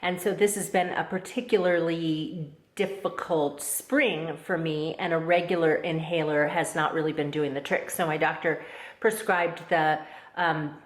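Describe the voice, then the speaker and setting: A woman talks casually to her vlog audience in a lowish voice, rambling and restarting with plenty of fillers. The recording sounds roomy and echoey. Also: steady tone, a little slow. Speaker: vlogger. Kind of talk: casual chat to camera.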